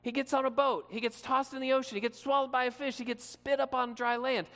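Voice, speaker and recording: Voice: high-pitched, fairly even intonation, fast talker, fairly bright tone, in a large hall. A pastor preaching a sermon in a conversational way, asking the listeners questions and acting out short quotes.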